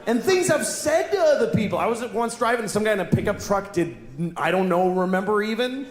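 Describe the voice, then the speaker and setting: A stand-up comedian ranting with exasperation, his voice high and swinging all over. He works from a stage in an echoey venue, with audience noise loud behind him. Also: expressive, a little fast, a faint crowd. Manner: exasperated, building to shouted rants. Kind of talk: stand-up routine.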